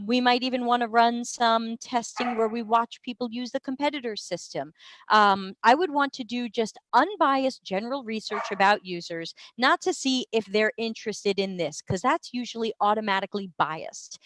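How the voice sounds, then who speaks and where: Chatty higher-pitched American woman. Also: moderate pace, a bit bright, no echo. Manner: conversational and explanatory, with frequent fillers and restarts. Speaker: UX research consultant hosting live office hours. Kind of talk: live-stream Q&A, casual teaching.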